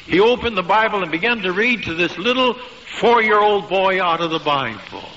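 Man, sermon, emphatic storyteller, dramatic pauses, dull lo-fi sound, faint background hiss. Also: high-pitched, lively intonation, sharp tone. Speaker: preacher. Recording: dull lo-fi recording with long hall reverb.

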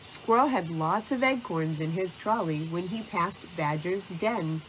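Slow-reading woman storybook narrator. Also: fairly low pitch, a little hiss or hum. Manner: slow and deliberate.

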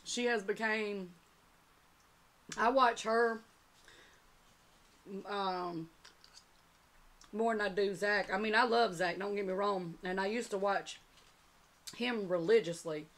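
A woman's voice: mid-range voice, slow, long pauses, fairly bright tone. A woman hosting an eating show, chatting casually and talking straight to her viewers. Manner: chatty, addresses viewers as y'all. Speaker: mukbang channel host.

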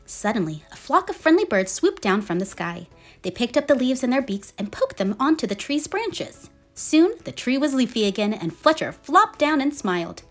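Expressive woman reading a children's story. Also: a little high, moderate pace, faint music behind. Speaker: storybook reader. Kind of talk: read-aloud children's story.

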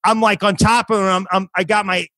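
The recording is dry and rough, capturing a comedian in his fifties who is guesting on a podcast. His high-pitched voice is sharp in tone, fairly quick and flat in delivery as he tells a rambling story, full of restarts, false starts and acted quotes, in casual chat.

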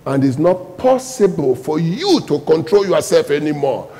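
A man preaching a sermon as pastor, calling out questions to the congregation and bursting into loud emphatic lines. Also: fairly high pitch, sing-song, normal speed, in a large hall, poor audio.

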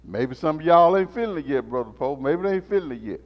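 A Sunday school teacher preaches an animated lesson in a church sanctuary, using call-and-response and repeating phrases. His male voice is a little high and he talks fast. The sound is muffled and reverberant from the church.

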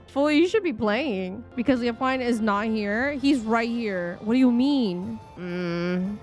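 A woman talks through her gameplay in a loose, chatty way, reacting out loud and laughing at what happens on screen. Her voice sits fairly high and jumps around a lot in pitch. Faint music plays beneath her. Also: expressive, moderate pace. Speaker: gaming channel host. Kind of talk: casual let's-play commentary. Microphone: desk microphone.

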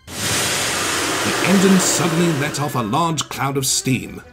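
A man narrating a children's train story in an expressive, animated storytelling manner. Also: fairly high pitch, takes it slowly, long pauses. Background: music.

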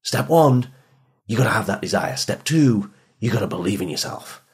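A man speaking as a motivational speaker to teenagers and parents, emphatic and repetitive, sometimes dropping soft for emphasis. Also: on the low side, expressive, normal speed, vocal fry, breathy edge. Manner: emphatic, repeats phrases, drops soft for emphasis. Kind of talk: motivational podcast talk.

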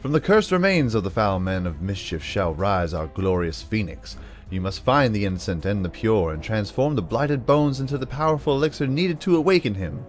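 A grave cult leader intoning a doomsday letter about ritual and ascension, voiced by a man reading it aloud. He speaks in a slight put-on British accent with a lowish voice. Faint music plays underneath. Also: big pitch swings, moderate pace. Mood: solemn. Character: solemn male cult leader writing a prophecy.

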